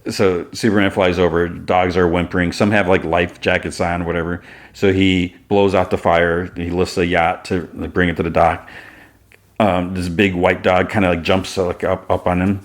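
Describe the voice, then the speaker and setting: A man's voice: low-pitched, flat delivery, normal speed. A man podcast host casually recapping a cartoon episode, rambling with lots of filler words.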